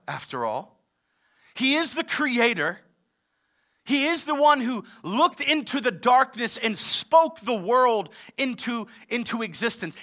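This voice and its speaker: A man preaching a sermon as pastor, moving between forceful emphatic passages and conversational asides. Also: extremely high pitch. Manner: preaches with rising intensity, mixes emphatic and conversational. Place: church service in a large theater.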